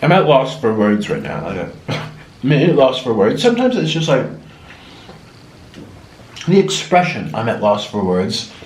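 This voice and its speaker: A man's voice: medium pitch, sing-song, a little slow, long pauses, slight background noise. A young man vlogging in a casual, rambling monologue, often mimicking other people in a raised voice. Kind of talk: casual monologue while eating. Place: home room. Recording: echoey room.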